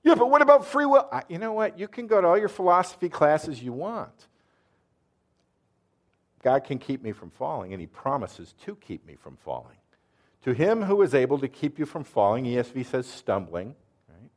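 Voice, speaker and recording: A man's voice: mid-range voice, big pitch swings, normal speed, pauses often, darkish tone. A man preaching a sermon, explaining verses earnestly and quizzing his listeners with questions. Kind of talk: sermon with quiz questions to the audience.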